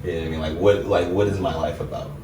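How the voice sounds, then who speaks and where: Young new dude, deep voice, laid back storytelling, echoey room a bit off mic. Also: male voice, fast talker, far from the mic, a little hiss or hum. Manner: relaxed, reflective, heavy use of "like" fillers. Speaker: interview guest. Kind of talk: candid personal storytelling.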